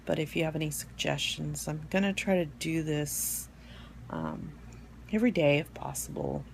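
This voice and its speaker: Gravelly-voiced woman hosting a live stream. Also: low-pitched, sing-song, slight background noise. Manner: rambling, halting, with many fillers and restarts; soft and heartfelt, near tears at times. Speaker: host of an online support group. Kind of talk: casual live-stream talk. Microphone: phone or webcam for a live stream.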